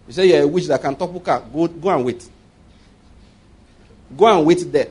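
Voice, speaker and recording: A Nigerian man preaching a sermon as a pastor, lively, with frequent laughter and mocking asides. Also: a little high, normal speed, long pauses, slightly rough.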